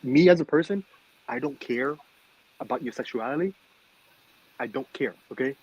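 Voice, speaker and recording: A man's voice: medium pitch, normal speed, darkish tone, husky, no room sound, lo-fi sound. A man co-hosting a podcast, telling stories in emphatic casual chat and checking in with his listeners again and again. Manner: emphatic storyteller, keeps asking "okay?". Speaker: podcast co-host.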